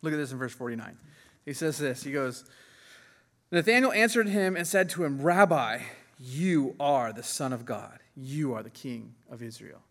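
A man preaching a sermon in an animated, conversational way, often laughing and acting out the people he quotes. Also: on the high side, normal speed. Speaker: pastor. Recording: long hall reverb.

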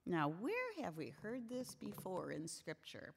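A woman's voice: medium pitch, wildly swooping pitch, a little slow, creaky, a little hiss or hum. A woman teaching a Bible study to a group of women, earnest and emphatic as she preaches. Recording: long hall reverb.

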